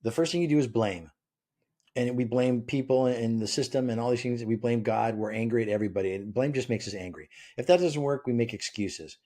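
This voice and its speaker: Male podcast guest, a husky author who tells stories and voices the people in them. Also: medium pitch, fairly quick. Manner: animated, acts out quoted voices. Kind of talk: conversational interview.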